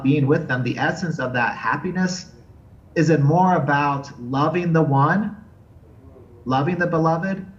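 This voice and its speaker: A man giving an unscripted theology lecture, earnest and thoughtful, often pausing and restarting as he searches for words. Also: on the high side, highs cut off. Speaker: theology teacher.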